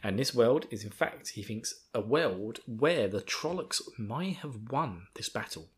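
A man's voice: mid-range voice, lively intonation, a little slow, slightly rough. A man hosting a podcast, rambling through a casual book recap with swearing and self-mockery. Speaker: podcast host.

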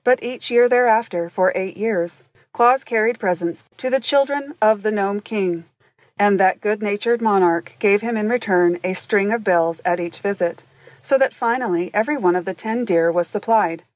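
A woman reads a classic children's storybook aloud as its narrator. She tells the tale gently and often speaks straight to the listener. Her pitch is an ordinary middle, and the recording is close and very dry. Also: normal speed, dry recording. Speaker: audiobook narrator.

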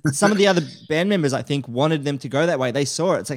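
A man's voice: on the high side, animated, fast talker. Man telling stories on a podcast. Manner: storytelling, acts out quotes. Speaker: podcast host. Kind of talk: casual chat.

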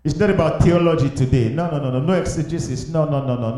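A man preaching a sermon with passion, swinging from hushed pleading to loud exclamations. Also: fairly high pitch, quick pace. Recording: very echoey room.

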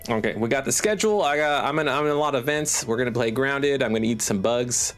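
Talkative, excitable man, mid-pitched, light music behind. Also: quick pace. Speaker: guest streamer. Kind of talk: casual chat.

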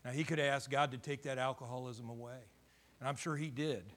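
A man's voice: mid-range voice, steady tone, brisk, fairly bright tone. A middle-aged man preaching a sermon as pastor, building to fervent emphasis.

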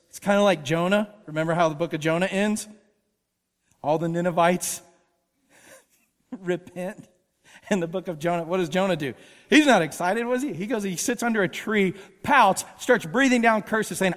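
A man preaching as a guest speaker, animated and emphatic, with casual asides. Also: a little high, unhurried, pauses often, big-room sound. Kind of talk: sermon. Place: church auditorium.

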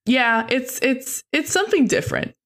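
A woman co-hosting a podcast in casual chat, playful and quick to laugh. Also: high-pitched, expressive, fairly bright tone. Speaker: podcast co-host.

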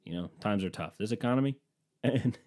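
A man's voice: fairly low pitch, lively intonation, a little fast, darkish tone. A man telling a comedic story in a casual, rambling way, sarcastic and full of swearing.

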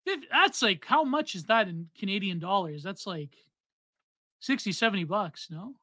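A man in his thirties co-hosting a casual podcast, reading out donations with loud, excitable exclamations. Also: high voice, moderate pace, no room sound. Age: 30s. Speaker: podcast co-host.

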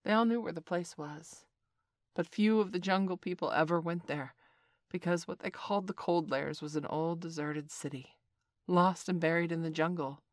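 A woman narrating a storybook in an even, clear reading. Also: lowish voice, normal speed, no echo, clean studio sound.

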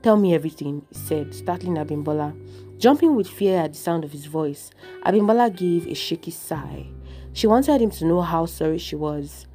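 A woman narrating a dramatic story with an expressive, measured reading. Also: fairly low pitch, faint music behind.

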